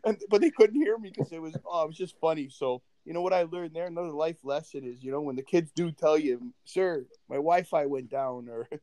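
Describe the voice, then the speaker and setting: A man, a teacher, telling a funny story in animated casual chat and quoting people with a raised voice. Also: a little high, a little fast, few pauses, low-quality recording.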